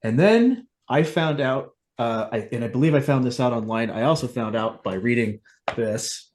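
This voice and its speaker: A man's voice: medium pitch, expressive, moderate pace, a little mellow. A man hosting a podcast in casual chat, rambling into digressions and laughing at himself. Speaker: podcast host.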